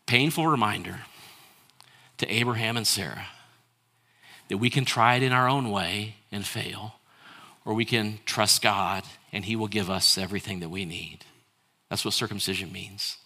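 A man's voice: on the low side, husky. A male pastor preaching a sermon, asking rhetorical questions and getting the congregation to answer and repeat lines after him. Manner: rhetorical questions, shifts between hushed and raised delivery.

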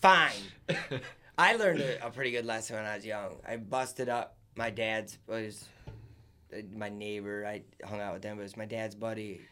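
A man's voice: fairly low pitch, moderate pace, sharp tone. Swearing, laughing man in casual chat. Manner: blunt, swears freely, laughs often. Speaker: podcast co-host.

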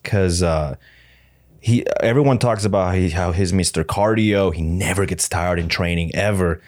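A man co-hosting a podcast, chatting in a relaxed way about fights, laughing often and swearing. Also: low-pitched, normal speed. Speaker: podcast co-host. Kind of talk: casual chat about fights.

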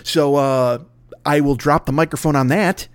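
Profane, rambling middle-aged podcast host. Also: male voice, fairly high pitch, steady tone, normal speed, clear, resonant tone, dry recording, studio quality. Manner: profane, rambling, self-mocking ranting. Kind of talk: solo podcast monologue.

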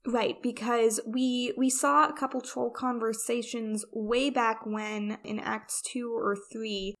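A woman's voice: on the high side, steady tone, slow. A woman co-hosting a casual chat, rambling and self-deprecating, with frequent restarts. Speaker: podcast co-host.

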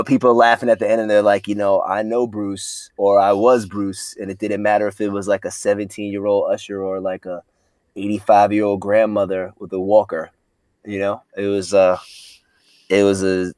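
A man with a lowish voice talks as a guest on a relaxed podcast. He sounds earnest and reflective, rushing some phrases and drawing out others as his thoughts form. The sound is dry, with no room echo. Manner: earnest, reflective, speeds up and slows down mid-thought. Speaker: actor and filmmaker guest. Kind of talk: casual podcast interview.

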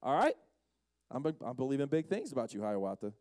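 A man's voice: mid-range voice, sing-song, brisk, a little mellow, no echo, low-quality recording. A man giving a humorous Bible-story talk as a youth speaker, joking and acting out the scenes in quoted voices.

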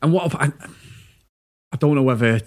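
A man's voice: mid-range voice, moderate pace. A British man co-hosting a casual film review chat, telling stories animatedly and swearing freely. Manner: animated, laughing storyteller who swears freely. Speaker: podcast co-host.

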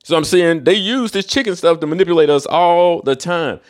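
A man's voice: on the high side, normal speed. A man hosting a solo podcast, ranting in a casual, profane and emphatic way. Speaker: podcast host.

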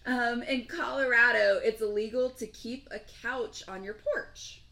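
Woman, casual podcast co-host, bright and slightly high, slangy and animated. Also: measured pace, creaky. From Nevada. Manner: animated, slangy, acts out quotes in voices. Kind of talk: casual chat.

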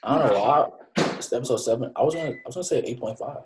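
A man's voice: medium pitch, rapid-fire, background noise. A man casually reviewing anime with a co-host, using slang and acting out his own reactions. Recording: echoey room.

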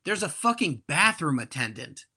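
Young male podcast guest, bright raised voice, swears freely while spinning an exasperated comic yarn. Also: fairly high pitch, moderate pace, husky. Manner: profane, animated, exasperated. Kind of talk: comedic storytelling on a podcast.

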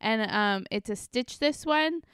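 A woman hosts a casual podcast chat, tossing in wry, teasing remarks. Her voice is a touch high and very clean and smooth. It is recorded dry and close. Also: expressive, unhurried, a bit bright, dry recording. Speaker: podcast host.

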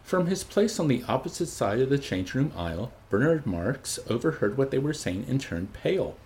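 A man narrating an audiobook in an expressive, measured reading. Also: medium pitch. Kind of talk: scripted narration.

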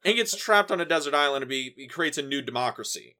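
A man's voice: a little high, animated, quick pace, pushed and bright. A man hosting a podcast, talking about a film in a casual, rambling way with lots of fillers and swearing. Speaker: podcast host.

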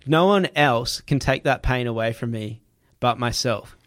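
A man telling a personal story in casual chat, animated, laughing and swearing freely. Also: mid-range voice, unhurried.

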